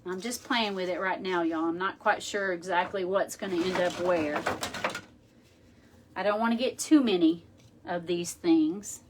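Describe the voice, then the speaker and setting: A woman's voice: lowish voice, a little slow, background noise. A woman hosting a craft tutorial, chatting casually and thinking aloud as she works. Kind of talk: casual how-to demonstration.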